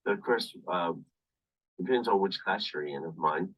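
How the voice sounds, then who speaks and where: A man with a low, slightly husky voice gives a university English lecture over a video call, heard through a webcam mic set a little back from him. He explains step by step and circles back to the same points, leaning on "of course" again and again. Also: far from the mic, muffled recording. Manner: repetitive, explains slowly with many "of course" asides. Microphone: computer webcam mic on video call.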